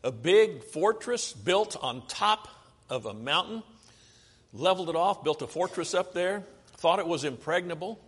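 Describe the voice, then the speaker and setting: A man's voice: sits high, lively intonation, measured pace, fairly bright tone, breathy edge. An American man preaching a sermon, talking through slides and asking the audience questions. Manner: conversational, asks the audience questions. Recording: long hall reverb.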